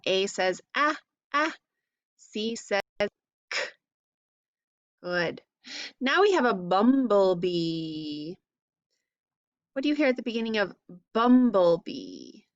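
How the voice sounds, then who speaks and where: A woman teacher leads young children through letter sounds at a slow, deliberate pace. She stretches out each sound and asks gentle questions. Her voice sits close and dry, with no room behind it. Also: medium pitch, dry recording. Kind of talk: phonics lesson for young children.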